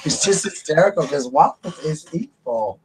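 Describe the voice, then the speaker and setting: A man's voice: fairly high pitch, animated, normal speed, noisy background. A man, casually telling stories on his vlog and laughing at them. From United States. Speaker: vlogger. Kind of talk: casual storytelling.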